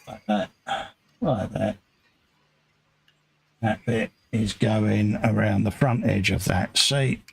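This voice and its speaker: A man's voice: lowish voice, slow, vocal fry, pauses often, slight background noise. A man chatting casually and joking with his co-host while talking through each step of building a model kit.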